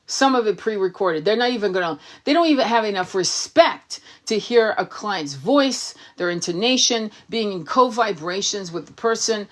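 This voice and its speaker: A woman's voice: mid-range voice, lively intonation, moderate pace, few pauses. A woman tarot reader and spiritual coach on a livestream, answering viewer comments bluntly, swearing often and firing off rhetorical questions.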